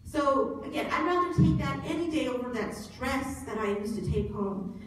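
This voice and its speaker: A woman's voice: sits high, normal speed. A woman giving a conference presentation in a conversational tone with self-deprecating humor. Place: large conference hall. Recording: echoey hall, distant mic, faint noise.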